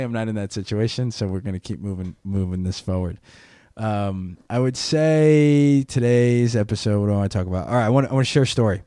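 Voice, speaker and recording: A man's voice: fairly low pitch, mellow, no room sound, clean studio sound. A man hosting a podcast alone, telling a story casually, rambling with frequent restarts and little laughs. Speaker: podcast host. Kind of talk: casual solo podcast monologue.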